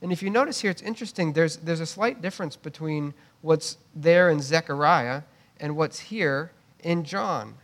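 A man's voice: fairly high pitch, moderate pace. A man preaching a conversational sermon, often repeating words as he restarts and checking in with "right?". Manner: conversational preaching with asides and tag questions. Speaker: pastor.

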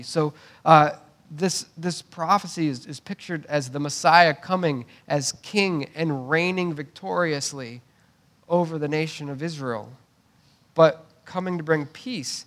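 On the high side and a bit bright, the man's voice moves a little slowly through his sermon. As a pastor speaking conversationally, he repeats words on restarts, drops in asides, and keeps asking "right?"

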